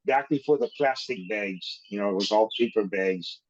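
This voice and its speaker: A man from Hawaii hosting a relaxed, conversational interview and asking easygoing questions. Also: lowish voice, moderate pace, background noise. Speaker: host. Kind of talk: casual interview. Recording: dull lo-fi sound.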